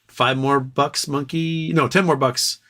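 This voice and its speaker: A man's voice: mid-range voice, steady tone, a little slow, sharp tone. A man hosting a casual livestream, reading viewer comments aloud and riffing on them in a loose, joking, profane way. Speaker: livestream host.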